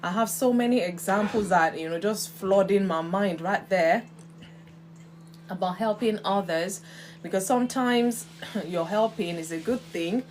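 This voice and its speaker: A woman's voice: mid-range voice, a little slow, slight background noise. A woman hosting a live social-media stream, chatting casually and greeting viewers by name. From Nigeria. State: coughing from kitchen fumes.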